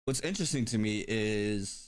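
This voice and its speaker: A man hosting a tournament live stream, talking casually and thinking aloud with frequent pauses and ums. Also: lowish voice. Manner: laid-back, thinks aloud with many ums.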